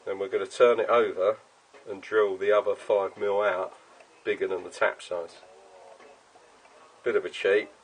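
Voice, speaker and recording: A man's voice: on the low side, flat delivery, measured pace, long pauses, poor audio. A man chatting casually while he works in his home garage workshop, explaining each step and swearing now and then. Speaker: workshop maker.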